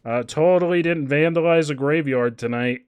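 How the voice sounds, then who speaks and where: A man streaming a video game with a stuffy nose, chatting casually, reading the game's dialogue aloud, and greeting his chat in a loud, high, animated voice. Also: normal speed, smooth, lo-fi sound.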